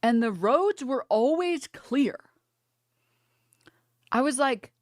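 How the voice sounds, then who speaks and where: Young american woman streamer, cursing a lot, animated storytelling, dry close mic. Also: high voice, slow pace, pauses often, no room sound. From United States. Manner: animated, profane, laughs through her stories. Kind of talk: casual storytelling chat.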